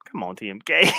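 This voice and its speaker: A man's voice: a little high, fairly bright tone, clean tone, no room sound, studio quality. A man hosting a casual live stream, talking loosely in slang and repeating his phrases while he shares his screen. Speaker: live stream commentary host.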